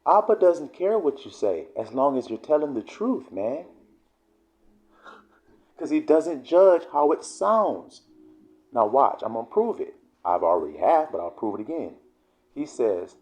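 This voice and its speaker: A man's voice: medium pitch, big pitch swings, normal speed, darkish tone. A man preaching in a fiery, emphatic, profanity-laced sermon style. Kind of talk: street-style sermon vlog.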